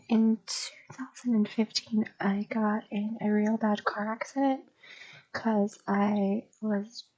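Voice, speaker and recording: Soft-spoken rambling young woman, half whispered. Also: mid-range voice, dry recording, lo-fi sound. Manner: slight stutter. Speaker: streamer. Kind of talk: casual ASMR ramble.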